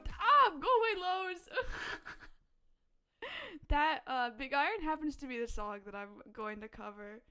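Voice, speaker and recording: Young woman streamer, high-pitched and giggly, unhurried playful chat over faint music. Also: expressive, pushed and bright. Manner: giggly, laughs often between lines; playful, swearing, reads and answers chat. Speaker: live streamer. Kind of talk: casual live-stream chat.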